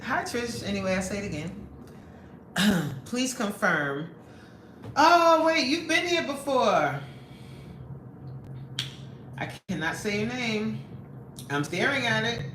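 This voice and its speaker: A woman's voice: on the low side, noisy background. A woman hosting a livestream, chatting casually, laughing often and greeting viewers by name. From New York. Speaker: livestream host. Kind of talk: casual livestream chat reading comments. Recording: echoey room, voice off mic.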